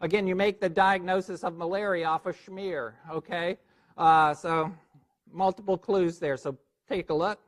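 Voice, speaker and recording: A man with a high-pitched voice runs a board review lecture, joking along and firing questions at his listeners. He keeps the talk lively as he teaches. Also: moderate pace. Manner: lively, joking, quizzes the audience.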